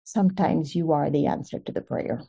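A woman with a mellow, fairly low voice tells a testimony to her prayer group over a video call. She talks in a conversational, emphatic way, leaning on the key words as she hosts the call. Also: normal speed, vocal fry, slightly rough. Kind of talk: sharing a testimony in an online group.

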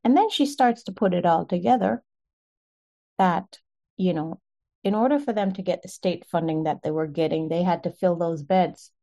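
A woman with a mellow, fairly low voice tells a testimony to her prayer group over a video call. She talks in a conversational, emphatic way, leaning on the key words as she hosts the call. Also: normal speed, gravelly. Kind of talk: sharing a testimony in an online group.

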